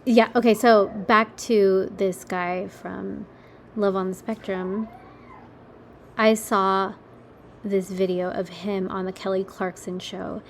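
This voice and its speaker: A woman's voice: medium pitch, slight background noise. A young adult woman hosting a casual solo podcast from her kitchen table, chatty and rambling, swearing casually and laughing at herself. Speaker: podcast host.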